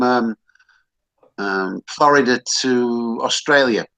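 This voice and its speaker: Chatty man with a bright voice. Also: medium pitch, slow pace, lo-fi sound. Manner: chatty, rambling, with frequent restarts. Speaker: host. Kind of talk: casual online talk show.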